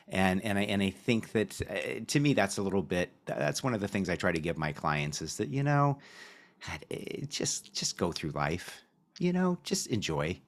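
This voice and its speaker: Low-voiced reflective man. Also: expressive, moderate pace. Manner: reflective, repeats words as he thinks. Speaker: coach with clients. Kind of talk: casual podcast chat.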